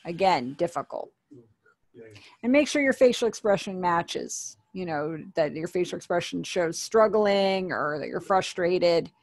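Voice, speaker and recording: A woman's voice: lowish voice, lively intonation, measured pace, no echo. A woman teaching an online sign language class, patiently explaining and repeating each word.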